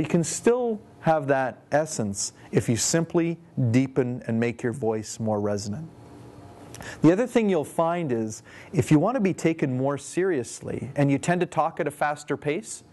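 A male communication trainer delivers a lecture on vocal tone. He drops into demonstrations of each kind of voice and tosses questions out to his listeners, pausing as they answer, at a middle pitch for a man. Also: lively intonation, darkish tone. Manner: demonstrative, poses questions to the audience; shifts his voice to show each tonality.

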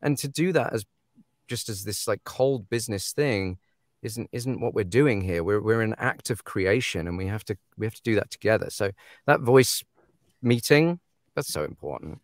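An audiobook narrator talks in an easy, animated way, laughing as he goes. His voice sits on the low side, and the sound is dry and close with no room echo. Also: normal speed. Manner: animated, laughing, acts out quoted authors. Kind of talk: casual podcast chat.

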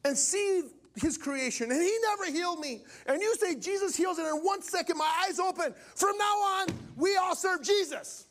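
A man voicing an eighty-year-old male cleric who has just been healed, proclaiming loudly and breaking into shouts. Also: very high voice, moderate pace, few pauses, voice pushed up. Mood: exultant.

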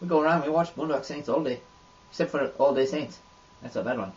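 A man voicing a crude, boastful Irishman in a put-on Irish accent, rambling in deadpan. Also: on the high side, quick pace, close to an everyday voice. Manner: rambling absurd deadpan monologue. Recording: dull lo-fi audio with faint noise.

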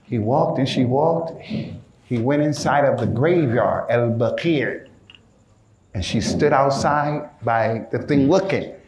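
A male preacher giving an informal, animated sermon in casual street slang, often calling his listeners "man". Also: medium pitch, slow pace, roomy sound, slight background noise.

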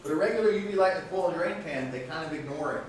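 A man's voice: a little high, very fast. A man running a product sales training session, upbeat and chatty, recorded from a distance in a reverberant room. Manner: upbeat, chatty, laughs between points. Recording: echoey room, mic far off.

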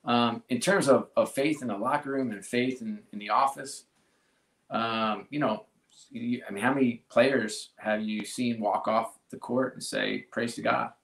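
A man being interviewed as a sports executive, speaking earnestly and haltingly with many restarts. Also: medium pitch, steady tone, gravelly, fairly bright tone. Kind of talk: casual interview talk. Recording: roomy echo.

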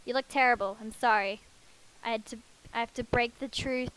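Woman gamer on a headset, high-pitched voice, casual self-deprecating commentary. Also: fairly even intonation, normal speed, a bit bright, clean tone, low-quality recording. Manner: chatty, self-deprecating, talks to her game characters. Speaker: let's play gamer.

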